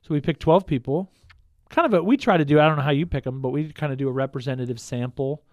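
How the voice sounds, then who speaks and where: A man's voice: a little high, quick pace, no echo. A man who is a parish priest, casually and enthusiastically explaining church rituals to listeners. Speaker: pastor.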